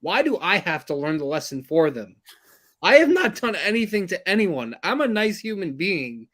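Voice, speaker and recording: A fired-up man with a notably high voice, cursing and sighing through a heated sports rant. He sounds exasperated, swinging from loud outbursts to tired mutters as he vents about his team on a podcast. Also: big pitch swings, normal speed. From New York area. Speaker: podcast co-host.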